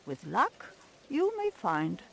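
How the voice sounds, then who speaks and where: A sly insect merchant with a put-on lilt. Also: female voice, wildly swooping pitch, vocal fry, full character voice. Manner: put-on foreign lilt, drawn-out sales pitch. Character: smooth female insect merchant, sly salesperson.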